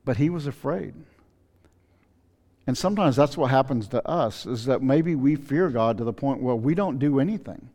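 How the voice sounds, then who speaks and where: A man's voice: mid-range voice, expressive, warm tone. Earnest male preacher in an echoey hall. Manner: earnest, pleading, reads scripture aloud with slow emphasis. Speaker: pastor. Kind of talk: sermon. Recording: long reverb of a hall.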